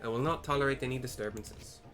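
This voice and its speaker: A haughty, self-important merchant with a loose Irish lilt, put on by a man narrating a game cutscene. He speaks in a dismissive tone, at a middling pitch, with soft music underneath. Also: fast talker, natural voice. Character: pompous wealthy male merchant, small and protective.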